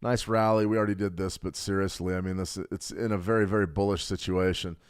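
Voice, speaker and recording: A middle-aged man hosting a live trading stream, talking fast and joking with viewers while he reads the chat. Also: sits low, fairly even intonation, clear, resonant tone. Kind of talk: live market analysis, reading chat.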